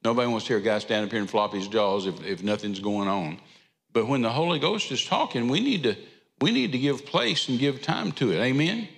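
A man's voice: medium pitch, lively intonation, fairly quick, vocal fry, big-room sound. A man, preaching an informal, rambling sermon in a church and repeating phrases for emphasis. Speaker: traveling preacher. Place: church sanctuary.

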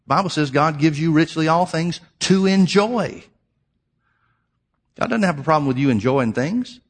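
A man's voice: on the high side, expressive, moderate pace. Guy preaching, reads verses then hammers the point home, talks to the crowd as folks. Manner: emphatic, repeats phrases, addresses listeners as folks. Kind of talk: sermon.

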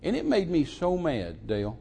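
A man in his sixties preaching a sermon, telling a story dramatically and swinging from hushed to loud, emphatic delivery. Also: fairly high pitch, huge pitch swings, moderate pace, creaky, breathy edge. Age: 60s.

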